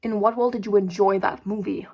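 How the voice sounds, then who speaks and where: Young woman vlogger, casual and rambling, vocal fry, drops from loud outbursts to mumbles. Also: mid-range voice, fairly even intonation, fairly quick. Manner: rambling, filler-heavy, swearing; swings between loud outbursts and mumbled asides. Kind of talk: casual chat to camera.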